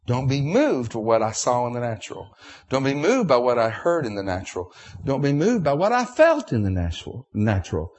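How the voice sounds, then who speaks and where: A man's voice: mid-range voice, very animated, brisk, darkish tone. A middle-aged man preaching a sermon, emotional and repetitive, with restarts.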